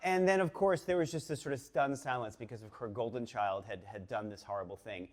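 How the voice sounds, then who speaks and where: A man in his fifties from the Boston area, telling a personal story to a live audience in a chatty, animated way with many fillers and restarts. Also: mid-range voice, a little fast. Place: stage before a live audience.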